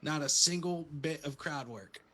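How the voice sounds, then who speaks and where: Male podcast co-host, rambling and profane, bright forceful tone. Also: fairly high pitch, moderate pace. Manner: rambling, profane, laid-back storytelling. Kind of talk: casual podcast chat.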